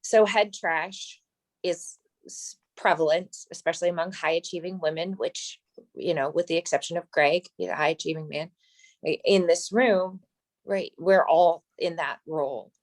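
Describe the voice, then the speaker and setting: A woman with a low voice coaches a group on speaking. She explains her points in an assured, instructive way. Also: steady tone, normal speed. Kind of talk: coaching talk at a group meeting.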